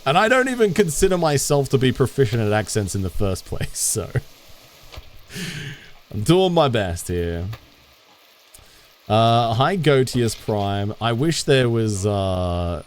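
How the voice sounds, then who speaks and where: A man's voice: mid-range voice, very animated, slow pace, a little hiss or hum. A young man livestreaming a game, chatting casually and self-deprecatingly with viewers, often restarting his sentences. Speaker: game streamer.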